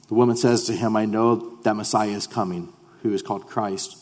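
A man preaching a sermon as pastor. He drops to hushed tones, then rises to loud, fervent declarations. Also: lowish voice, fairly even intonation, normal speed, long reverb tail.

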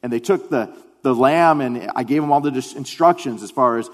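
A man preaching a sermon as pastor, animated at times and then dropping to quiet, weighty emphasis. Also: medium pitch, fast. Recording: long hall reverb.

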